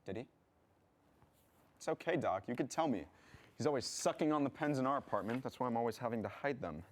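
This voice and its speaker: A man's voice: mid-range voice, animated, quick pace, natural voice. A man playing a smug, scheming young man. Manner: smug, theatrical, disdainful. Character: smug, vain young man who schemes against his friend. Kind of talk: comedic student film acting.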